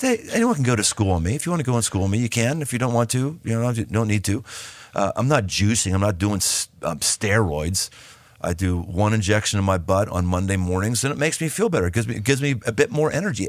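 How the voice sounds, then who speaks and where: A man's voice: fairly low pitch, big pitch swings, quick pace, dry recording. A man in his fifties, a podcast host talking as the guest, speaking emphatically and often repeating and restarting his words. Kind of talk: casual podcast conversation.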